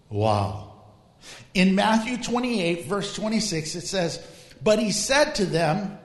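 A man preaching as a pastor in a lively, humorous way, drawing out emphatic phrases. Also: sits high, slow. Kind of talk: sermon. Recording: echoey hall.

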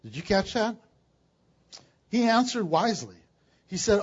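An older male pastor delivers a lively sermon in a church, cracking jokes and jumping to loud bursts. His voice sits high and husky. The recording is dull and lo-fi. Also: moderate pace, pauses often. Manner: animated preaching with jokes and sudden loud bursts.

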